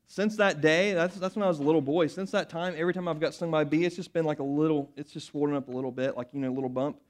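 A middle-aged man preaching a sermon, telling rambling personal stories full of restarts that build up into loud excitement. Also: fairly high pitch, very fast.

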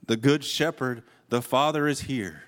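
A man in his forties delivers a heartfelt sermon in a voice of ordinary middle pitch. He is earnest and emotional, often slipping into laughter and stumbling over restarts. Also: lively intonation, measured pace, fairly bright tone. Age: 40s. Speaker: preacher.

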